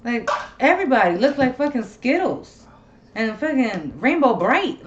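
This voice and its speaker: A woman hosting a loose, casual talk show, telling stories in a blunt, animated, profane way. Her voice comes through a slightly dull, lo-fi recording with faint noise behind it. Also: on the high side, measured pace. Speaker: host. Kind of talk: casual chat.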